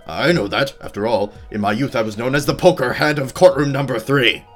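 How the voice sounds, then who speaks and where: A man's voice: mid-range voice, a little fast, faint music behind, voice pushed up, natural voice. A man reading as a musing old judge.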